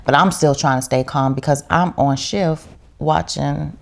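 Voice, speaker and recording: A woman's voice: deep voice, unhurried, gravelly. A woman, a podcast guest, telling her story in casual chat in a heartfelt, reflective way.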